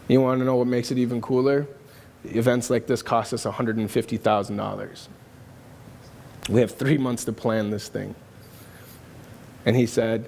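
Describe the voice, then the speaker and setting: A man's voice: medium pitch, level tone, moderate pace, creaky, long pauses, a little mellow, a little hiss or hum. A man preaching a sermon, telling a personal story in an earnest, emphatic way. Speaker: pastor. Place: church auditorium. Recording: long hall reverb.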